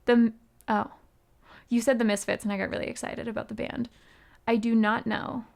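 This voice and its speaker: Woman musician streamer, rambling casual chat with viewers, lots of filler, voice slightly high. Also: flat delivery, normal speed, vocal fry. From United States. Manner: rambling and chatty, full of "um" and "like". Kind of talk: casual livestream chat, answering chat.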